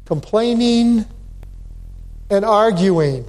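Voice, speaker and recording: Slow, deliberate male preacher. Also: high-pitched, mellow. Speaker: pastor. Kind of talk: sermon.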